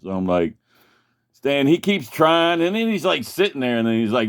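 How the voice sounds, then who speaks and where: Gravelly, rambling man telling a story. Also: mid-range voice, big pitch swings, normal speed. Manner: rambling, profane, many restarts. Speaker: vlogger. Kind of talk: casual storytelling.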